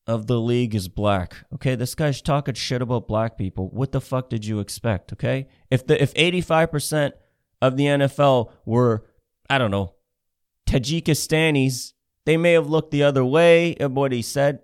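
Profane man ranting off the cuff. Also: medium pitch. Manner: blunt, profane, repeats words and restarts. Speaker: show host. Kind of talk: casual rant.

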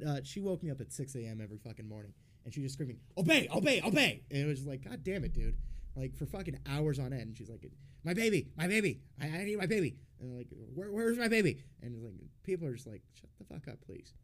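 A young man talks through a story in a loose, rambling way, packed with swearing and fillers. He is a podcast host chatting with friends, and his voice sits at an ordinary middle pitch. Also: warm tone. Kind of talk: casual chat.

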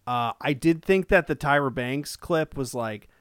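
A man's voice: mid-range voice, a little slow, fairly bright tone, clean tone, no room sound, clean studio sound. A man co-hosting a podcast, talking casually with restarts, fillers and the odd swear. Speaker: podcast co-host. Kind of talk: casual chat.

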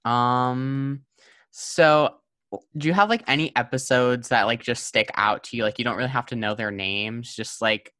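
A young man hosting a podcast, talking casually and loosely. He fills his sentences with "like" and hedges his opinions. His pitch sits in a middle range for a man. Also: normal speed, sharp tone, smooth, dry recording. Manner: chatty, filler-heavy, hedging with "like". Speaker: podcast host. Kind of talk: casual chat.

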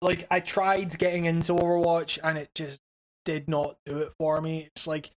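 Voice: mid-range voice, monotone, normal speed. A podcast co-host in casual gaming chat, talking hesitantly with stammering restarts and casual swearing.

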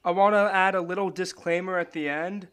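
A high-pitched man hosts a solo sports podcast. He talks in a loose, rambling way and often restarts his sentences. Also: steady tone, brisk, a bit bright, clean tone.

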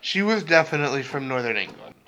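A man's voice: on the high side, lively intonation, quick pace, bright, forceful tone. Dry, teasing young man. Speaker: vlog co-host. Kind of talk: casual chat.

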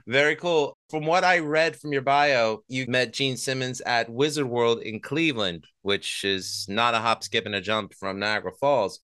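Guy hosting a podcast, joking around, clear bright voice, dry close sound. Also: medium pitch, steady tone, a little slow, no room sound. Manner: joking, easygoing questions. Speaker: podcast host. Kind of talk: casual interview chat.

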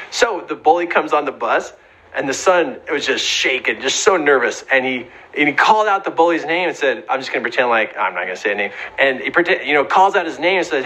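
A man's voice: on the high side, big pitch swings, moderate pace, pushed and bright, low-quality recording. A middle-aged man giving an earnest, emphatic motivational talk, sometimes acting out the voices in his stories. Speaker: speaker giving advice on bullying.

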